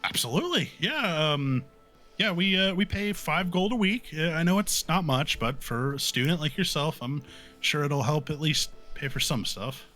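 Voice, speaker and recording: A man voicing a small, harried female gnome librarian who rambles through fillers in a high, squeaky voice. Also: expressive, moderate pace, sharp tone, soft background music. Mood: helpful.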